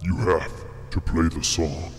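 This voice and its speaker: A man voicing an ominous, deep disembodied male voice that coaxes and commands from a dark hole. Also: steady tone, slightly rough, faint music behind, heavily acted. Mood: menacing. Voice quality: deep and menacing. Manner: slow, coaxing, commanding.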